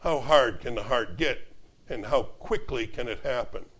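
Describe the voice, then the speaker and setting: A man preaching a sermon, telling humorous stories in an animated, joking way. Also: medium pitch, measured pace, husky. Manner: animated, joking, varies loudness a lot. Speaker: traveling preacher.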